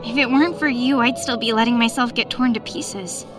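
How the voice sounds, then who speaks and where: A tough, wry young woman, voiced by a woman shrugs off wounds with dry reassurance. Her voice sits high. Faint game music plays behind her. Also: steady tone, fairly quick, lightly acted. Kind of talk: video game voice acting.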